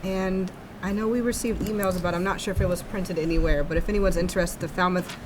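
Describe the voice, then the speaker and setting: A woman's voice: on the low side, fairly even intonation, quick pace. A woman board member making a plain, informational announcement at a town meeting. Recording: noisy meeting room audio.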